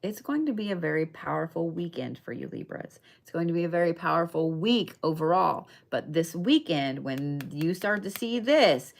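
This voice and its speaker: A young adult tarot and zodiac reader talks at normal speed in a lowish, gravelly, expressive voice, barely pausing. Her reading is casual and chatty, full of emphasis, casual swearing and repeated "okay?" check-ins.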